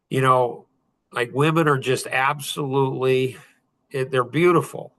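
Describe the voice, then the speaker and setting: Podcast host, man, 60s, blunt and preachy, bright voice. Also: medium pitch. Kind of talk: casual podcast talk.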